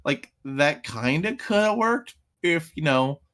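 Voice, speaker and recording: Guy ranting on a podcast, sarcastic, voice jumps all over the place. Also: fairly high pitch. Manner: sarcastic, animated, mocks scenes with quick voice shifts. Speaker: podcast co-host. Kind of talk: casual chat.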